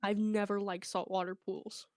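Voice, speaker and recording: A woman's voice: medium pitch, moderate pace, no room sound, studio quality. A woman telling a funny story in casual chat, acting out the people in it. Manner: animated anecdote telling with quoted voices. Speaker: co-host.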